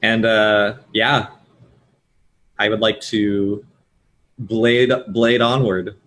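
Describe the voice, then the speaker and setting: A man's voice: lowish voice, little pitch movement, very slow, fairly bright tone. A man playing a tabletop game, thinking aloud and hesitating with fillers. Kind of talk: casual game chat.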